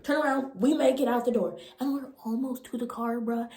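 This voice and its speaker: Brief: a slangy young woman in her twenties telling a story, voice a bit high, in a roomy room. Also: a little fast. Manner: animated and slangy, acting out the voices. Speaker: vlogger. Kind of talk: storytime vlog. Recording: roomy echo.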